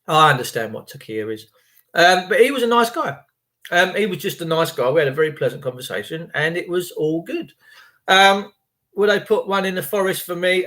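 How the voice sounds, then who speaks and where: A man's voice: a little high, a bit bright. A man telling a rambling story in a chatty, emphatic, repetitive way. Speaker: vlogger.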